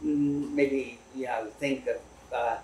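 A laid-back man chats about whiskey at a distillery, agreeable and a little halting. His mid-range voice carries a roomy echo and sits slightly away from the mic. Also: mid-range voice, steady tone, darkish tone. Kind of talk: casual tasting chat. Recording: roomy, from a distance.

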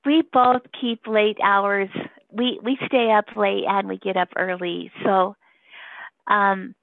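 A woman's voice: mid-range voice, takes it slowly, creaky, long pauses, dry recording. A woman giving a casual phone interview, rambling and emotional, laughing often between her points. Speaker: interview guest. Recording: tinny phone line.

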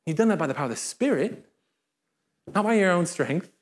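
A male pastor preaching a sermon to a congregation in church, lively and full of joking asides. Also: sits high, fairly quick.

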